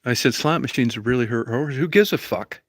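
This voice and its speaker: A man's voice: medium pitch, fairly quick, no echo. A man hosting a livestream, telling a story as a profane, rambling, argumentative rant full of constant swearing. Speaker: livestream host.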